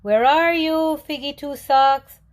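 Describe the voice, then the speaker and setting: A woman voicing a big, gentle male brown bear in a read-aloud storybook, calling out earnestly and slowly. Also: a little high, very animated, voice pushed up. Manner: raised, earnest, slow calls.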